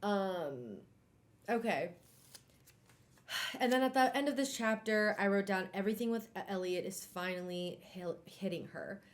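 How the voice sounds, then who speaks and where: A woman hosting a casual live-stream book club, talking in an animated way with exclamations and trailing fillers. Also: medium pitch, unhurried.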